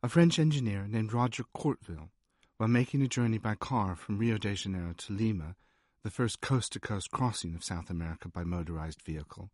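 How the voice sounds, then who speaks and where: A man reading a nonfiction history aloud as an audiobook narrator, measured and wry. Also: on the low side, a little mellow, no room sound. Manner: measured, dry storytelling with wry asides.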